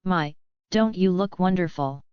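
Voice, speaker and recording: A woman's voice: fairly low pitch, a little slow, clean tone, no room sound, lightly acted. A woman voicing a cheerful, knowing female guide in an audiobook, in a dull, dry recording. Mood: friendly.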